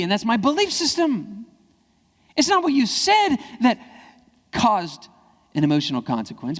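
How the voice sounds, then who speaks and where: A man gives a keynote speech in a large hall, and a long reverb trails each phrase. His voice runs high for a man and leaps up and down as he stresses his points. He talks emphatically and acts out small exchanges for the crowd. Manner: animated, emphatic, acting out dialogue. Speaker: keynote speaker.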